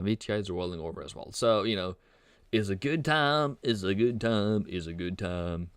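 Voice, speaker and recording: A man's voice: deep voice, expressive, normal speed, smooth, dry recording. A young man, rambling playfully through a live trading stream, joking and humming between market calls. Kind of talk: casual live-stream commentary.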